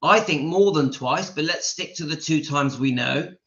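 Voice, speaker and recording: A man hosts a casual livestream, reading out viewer comments and answering with strong, emphatic opinions. His voice sits a little high and comes across bright and forceful. The sound is slightly dull and lo-fi. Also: normal speed. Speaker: channel host reading live chat.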